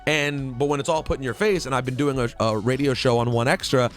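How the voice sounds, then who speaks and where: A man's voice: medium pitch, fairly even intonation, quick pace. Man, radio host, talkative, joking, self-deprecating, music faint in the background. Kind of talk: late-night radio interview. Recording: radio studio with music behind.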